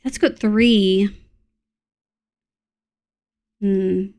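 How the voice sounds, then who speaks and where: Speaking slowly in a steady, darkish medium-pitched voice, a young Australian woman plays a game on stream. She chats casually with her audience, murmurs to herself, and swears when annoyed.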